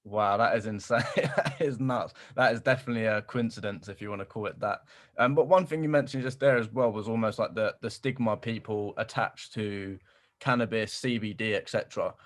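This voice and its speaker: A man's voice: on the low side, a little fast. A man from the UK hosting a casual podcast interview, easygoing with loose asides. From United Kingdom. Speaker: podcast host.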